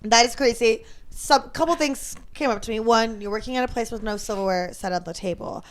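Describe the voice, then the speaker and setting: Woman podcast host, easygoing chat, voice a bit on the high side. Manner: easygoing, reacts with quick comments. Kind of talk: casual chat.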